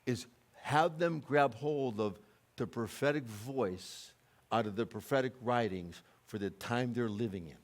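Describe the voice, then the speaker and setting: An American man preaching a sermon in a church, moving between quiet conversational asides and loud, urgent climaxes. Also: measured pace. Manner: impassioned, rising to loud urgent peaks then dropping low and conversational. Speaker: guest preacher. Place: church sanctuary.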